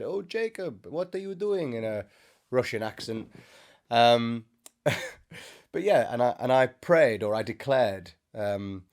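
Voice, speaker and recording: A Christian speaker with a fairly low, somewhat mellow voice sits indoors before a bright camera. He gives an informal spiritual teaching in a conversational style, adding jokes along the way.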